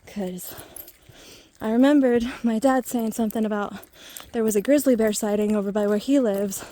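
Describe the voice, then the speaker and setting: A woman's voice: a little high, normal speed, dark tone. A woman chatting casually while out of breath on a mountain trail, rambling and self-deprecating into a handheld camera. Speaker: vlogger. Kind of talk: casual vlog chat while hiking.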